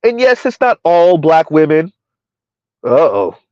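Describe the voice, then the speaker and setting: On a casual stream, this male host answers viewer chat, argues in rhetorical questions, repeats "who would have ever thought" and "right? huh?", and refers to himself in third person. His slightly high voice swoops wildly in pitch at an unhurried pace with a darkish tone; the audio is dry, with the highs cut off.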